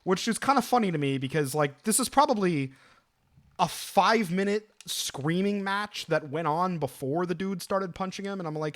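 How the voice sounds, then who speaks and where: A young man in his twenties tells a story in a loose, rambling way, swearing freely and piling up fillers. His voice sits a bit high and swoops all over as he gets worked up. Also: normal speed. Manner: animated, profane, rambling with fillers. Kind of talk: casual storytelling.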